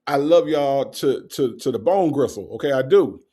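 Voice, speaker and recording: A man's voice: mid-range voice, animated, normal speed, dark tone, slightly rough. A man hosting a casual livestream, teasing his chat with repeated rhetorical questions and frequent laughter. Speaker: livestream host reading chat. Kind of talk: casual live commentary.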